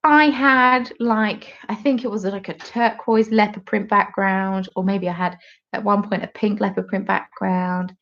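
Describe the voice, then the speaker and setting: Speaking at a measured pace in a steady, medium-pitched voice, a woman chats and rambles through a live knitting podcast at home, reading viewer comments as she knits. The audio sounds dull.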